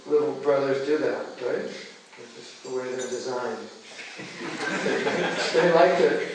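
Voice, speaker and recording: A man's voice: medium pitch, a little hiss or hum. An American man teaching a spiritual seminar in a casual, joking way, quizzing his listeners as he goes. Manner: chatty, jokes and quizzes the audience. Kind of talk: casual spiritual lecture to a live audience. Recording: echoey room, distant mic.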